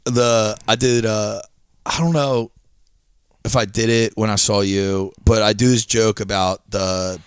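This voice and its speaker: A man's voice: fairly low pitch, steady tone, a little slow, clear, resonant tone, no room sound, clean studio sound. A man with a Delaware County, Pennsylvania accent, a podcast co-host and comedian telling rambling, profane stories and acting out quotes in casual chat.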